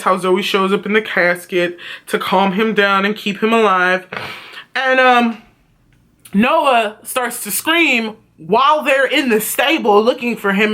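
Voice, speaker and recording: A woman chats through a TV series recap with a sharp, bright voice and a lively, swooping pitch. She is outspoken and swears freely, and she tells the story like gossip straight to her viewers. The delivery is casual and exclaiming throughout. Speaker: TV series reviewer.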